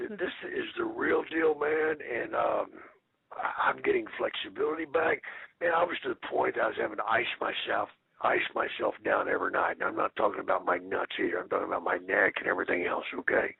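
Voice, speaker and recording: A man in his fifties, a retired wrestler, giving a rambling, profane interview full of deadpan jokes. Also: lowish voice, a little fast, no room sound. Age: 50s. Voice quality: gravelly, raspy. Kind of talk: casual phone interview. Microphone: phone. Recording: tinny phone line.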